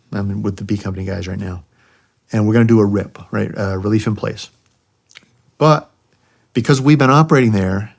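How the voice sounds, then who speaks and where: A middle-aged man from the United States, a retired army helicopter pilot, casually telling war stories and often checking in with a questioning "right?". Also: on the low side. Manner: relaxed, tags points with a questioning "right?". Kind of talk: casual storytelling in a conversation.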